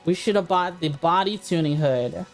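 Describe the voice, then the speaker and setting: A woman with a somewhat low voice chats casually as she streams a game, laughing easily and talking to her viewers. Faint music plays underneath. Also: moderate pace. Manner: chatty, laughs easily, talks to chat. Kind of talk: casual gameplay chat.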